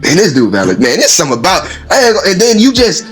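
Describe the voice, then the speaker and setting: A man talking casually and at length, telling everyday stories in an animated way, acting out other people's voices and laughing often. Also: sits high, very fast, soft background music. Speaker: speaker in a played clip. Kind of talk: casual storytelling monologue.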